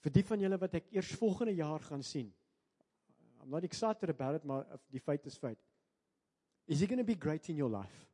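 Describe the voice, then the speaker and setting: A South African man preaching a sermon to his church, switching between English and Afrikaans and building to loud, emphatic peaks. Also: fairly high pitch, lively intonation, a little fast, breathy edge. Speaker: pastor. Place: church sanctuary. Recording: preacher in a large reverberant church hall.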